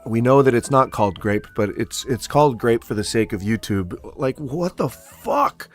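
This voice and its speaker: A woman's voice: a bass voice, brisk, soft background music. A woman giving casual reaction commentary, exasperated and incredulous, swearing often.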